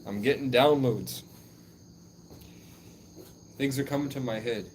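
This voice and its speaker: A medium-pitched man speaks at a measured pace during a rambling outdoor livestream at night, with a little hiss or hum in the audio. He veers erratically from mystical musings to mock-angry, profane rants aimed at viewers.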